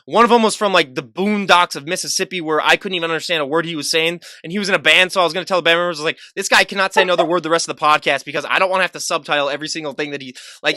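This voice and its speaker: A man's voice: on the high side, sharp tone, no room sound, studio quality. A young man hosting a podcast, chatting in a rambling, easygoing way and laughing often. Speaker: podcast host. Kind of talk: casual interview chat.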